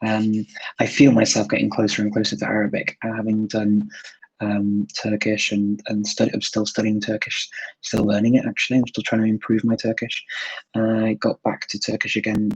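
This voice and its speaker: Gravelly low-voiced man on a live Q&A. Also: monotone, normal speed, no echo, rough recording. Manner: thoughtful, fillers, switches between languages. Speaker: host answering viewer questions. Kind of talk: live Q&A chat.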